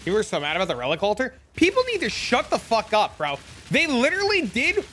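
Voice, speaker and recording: A man's voice: very high voice, wildly swooping pitch, fairly quick, sharp tone, slight background noise. A young man streaming a game live, chatting with viewers and ranting profanely about fellow players. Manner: profane, ranting, reacts to chat. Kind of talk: live stream chat while gaming.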